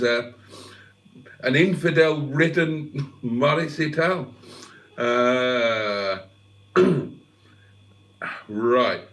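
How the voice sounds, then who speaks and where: A man's voice: medium pitch, fairly bright tone. A man, hosting a casual livestream, reading out comments and swearing freely with self-mocking humour. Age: 50s. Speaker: livestream host.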